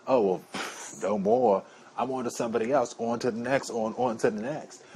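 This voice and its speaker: A man's voice: medium pitch, moderate pace, darkish tone, a little hiss or hum, lightly acted. A man putting on a brash, fickle New Yorker. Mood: dismissive. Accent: mock New York. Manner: dismissive, flippant.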